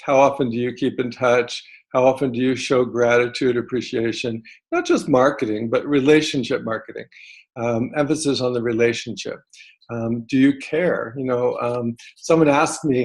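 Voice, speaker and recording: Man giving a hesitant talk. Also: mid-range voice. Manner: hesitant, frequent ums and restarts. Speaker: realtor. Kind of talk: presentation talk.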